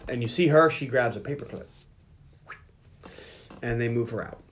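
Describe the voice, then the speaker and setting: A man hosting a podcast, casually recapping a film scene by scene and acting out the dialogue in quick voices, laughing often. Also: mid-range voice, slight background noise.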